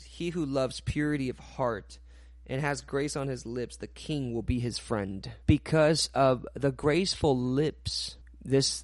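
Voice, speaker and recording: A man delivers a sermon in plainly non-native English, his phrasing a little uneven. He slips into animated quoted voices to act out what people say. The sound is dry and close, with no room around it. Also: mid-range voice, no echo. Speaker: pastor.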